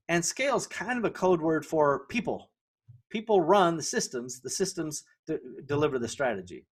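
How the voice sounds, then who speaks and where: A middle-aged man hosting a podcast and giving a solo business lesson in a conversational way, often checking in with the listener. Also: on the high side. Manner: conversational, keeps asking "right?" to the listener; self-correcting, with fillers and restarts. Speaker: podcast host.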